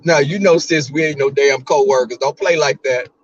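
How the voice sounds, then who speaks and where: A man's voice: mid-range voice, normal speed, slightly rough, no echo, muffled recording. A man giving blunt, profane casual commentary on a livestream, often mimicking other people.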